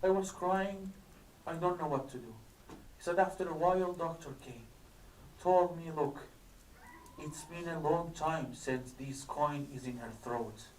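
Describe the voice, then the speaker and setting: A man telling a tearful story at a religious gathering, his voice rising higher and louder as the story builds. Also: unhurried, echoey room, recorded from a distance, a little hiss or hum, poor audio. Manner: grows louder, higher and crying-like as the story peaks. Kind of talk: emotional story sermon. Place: mosque hall.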